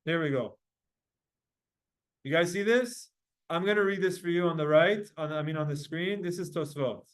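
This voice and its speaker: A man teaching a live Talmud class, slowly sounding out Hebrew phrases word by word to his students. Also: on the high side. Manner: animated, drawn-out recitation of Hebrew phrases.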